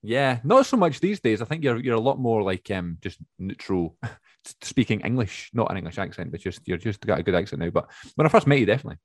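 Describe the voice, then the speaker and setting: A man with a soft Glasgow accent, co-hosting a podcast in casual chat and musing aloud with questions. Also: on the low side, big pitch swings, quick pace, no room sound, studio quality. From Glasgow, Scotland. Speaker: podcast co-host.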